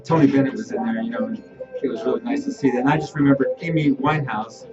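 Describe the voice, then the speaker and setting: A man's voice: mid-range voice, steady tone, fast, over loud music. A man co-hosting a radio show, chatting casually and laughing along easily. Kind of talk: casual talk-radio chat. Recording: muffled live-stream audio from a distant mic.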